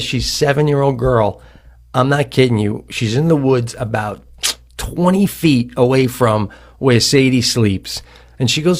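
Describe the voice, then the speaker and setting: A man on a comedy podcast tells a long story at a casual pace. His voice sits at an ordinary pitch, and he rambles, swears freely and trips over his own restarts as he builds it up. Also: unhurried, darkish tone. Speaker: podcast co-host.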